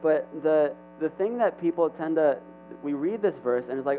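A man's voice: a little high, soft background music. Young male youth speaker, informal sermon, rambling restarts; thin phone-like sound. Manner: chatty, halting, with many restarts and asides. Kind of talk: casual sermon. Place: church hall with an audience. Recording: tinny phone-like recording with hum.

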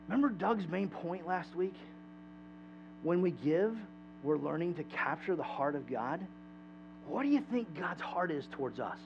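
A man preaching a sermon in a church, conversational and animated, asking the congregation questions. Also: on the high side, moderate pace, creaky, long pauses. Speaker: pastor. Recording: dull lo-fi sound with mains hum.

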